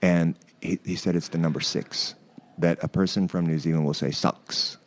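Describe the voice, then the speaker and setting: A man's voice: low voice, steady tone, normal speed. An American man hosting a podcast, talking in a reflective, affirming way and giving the guest plenty of room. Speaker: podcast host. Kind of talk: casual conversation.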